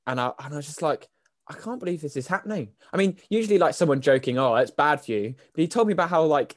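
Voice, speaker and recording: A man's voice: medium pitch, dry recording, clean studio sound. A young man co-hosting a podcast, telling stories in casual chat, often laughing and swearing. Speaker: podcast co-host.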